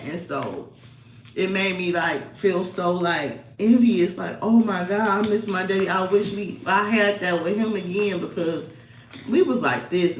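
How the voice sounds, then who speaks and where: A woman's voice: on the low side, slight background noise. Woman vlogger in an echoey room. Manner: rambling, emotional, fillers and laughs. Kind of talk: casual personal storytelling.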